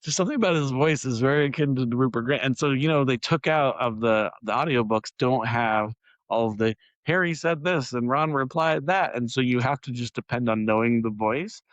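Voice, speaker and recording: A man's voice: mid-range voice, fairly quick, no room sound, lo-fi sound. A man co-hosting a podcast, chatting casually and rambling with many fillers and laughs. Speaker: podcast co-host. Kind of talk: casual chat.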